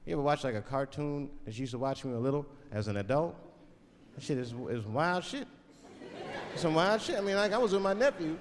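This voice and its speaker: Lively stand-up comic in a big hall. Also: male voice, on the high side, fairly quick. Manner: animated storytelling, acts out voices. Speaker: stand-up comedian. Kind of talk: stand-up routine. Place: large venue with live audience. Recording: live hall reverb, crowd noise.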